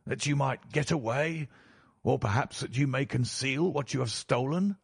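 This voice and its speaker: A man reading an audiobook, voicing an enraged older banker father who shouts accusations at his son. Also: medium pitch, normal speed, gravelly, breathy edge, no echo, clean studio sound. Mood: bitter.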